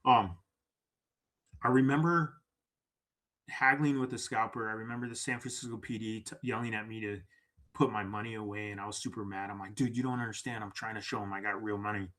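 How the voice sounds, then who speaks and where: A man as a podcast guest, telling a story in a casual, animated way, acting out quoted lines and often tagging "right?". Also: on the low side, fairly quick.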